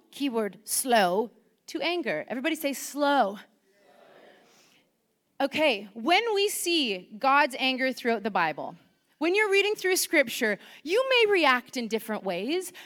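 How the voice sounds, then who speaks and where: A woman preaching a chatty, animated sermon, asking the congregation questions into a microphone. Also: high voice, measured pace.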